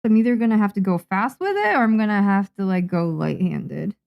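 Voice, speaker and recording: A young Japanese woman, a manga artist, chatting casually on a livestream while she draws, muttering and calming herself down. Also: mid-range voice, fairly quick, gravelly, dull audio. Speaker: manga artist streaming her drawing.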